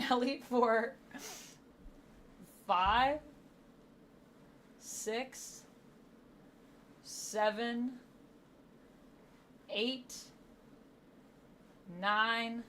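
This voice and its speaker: A woman's voice: on the high side, slight background noise. A woman streaming live, chatting playfully with her viewers and counting out exercises aloud. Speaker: gaming livestreamer. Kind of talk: casual livestream chat with viewers.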